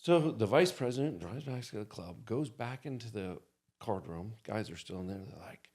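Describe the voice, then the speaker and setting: Low-voiced man telling a wild story. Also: normal speed, husky. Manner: animated storyteller who acts out the people in his story. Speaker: podcast guest. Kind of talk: casual anecdote telling.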